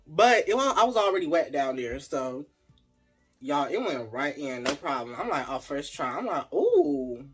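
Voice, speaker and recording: A man vlogging a casual storytime, talking straight to his viewers in a lively, chatty way. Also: on the high side, normal speed, over music. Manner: animated, chatty, addresses viewers directly.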